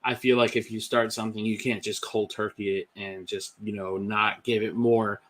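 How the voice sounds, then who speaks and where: Male podcast guest, low pitch, sharp bright tone, candid testimony. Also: flat delivery, moderate pace. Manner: candid storytelling with many fillers. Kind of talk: personal testimony.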